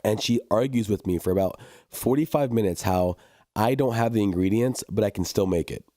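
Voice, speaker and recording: Young male podcast co-host, deep, warm, laughs mid-story, dry booth sound. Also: fairly quick, dry recording. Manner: animated, laughing storyteller with restarts. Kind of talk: casual storytelling chat.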